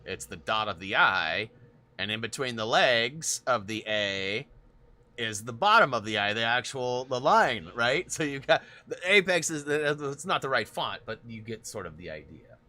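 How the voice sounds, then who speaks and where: A man hosts a gaming stream, chatting casually and rambling through long stories while laughing often. His medium-pitched voice is sing-song and sharp at a normal speed.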